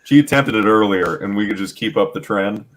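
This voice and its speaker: A man on a stream panel teasing the other guests in a relaxed, casual way. His voice is low and deep. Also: a little fast, rough recording. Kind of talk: casual chat.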